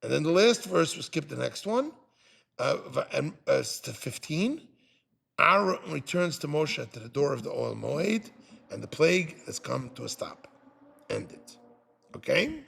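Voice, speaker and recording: A man's voice: fairly high pitch, very animated, a little slow, vocal fry, fairly bright tone, slightly rough. A man, a rabbi teaching a Torah class, animatedly dramatizing the text.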